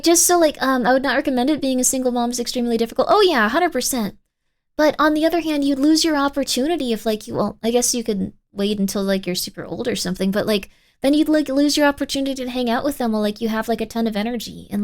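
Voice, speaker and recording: A young woman with a high voice chats casually on a live stream. She rambles and sprinkles her talk with "like", drifting from thought to thought. The tone stays loose and chatty. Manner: chatty, rambling, heavy use of "like". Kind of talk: casual livestream chat.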